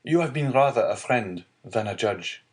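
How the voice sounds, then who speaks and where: A man's voice: medium pitch, lively intonation, moderate pace, lightly acted. A man voicing an earnest, anxious young male sailor in a read-aloud storybook, in a slightly raised voice.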